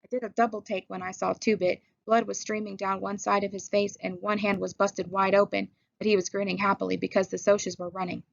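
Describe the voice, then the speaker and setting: A woman narrates a novel in first person with a steady, measured delivery. Her mid-pitched voice has a slightly gravelly texture. The recording is dry and a little dull in tone. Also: dry recording. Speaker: audiobook reader.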